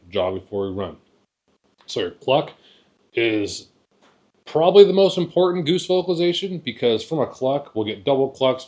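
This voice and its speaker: A man's voice: mid-range voice, darkish tone. Guy explaining goose calling, laid back, mid-range voice, keeps saying right?. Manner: folksy, repeats words, frequent "right?". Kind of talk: casual instructional talk.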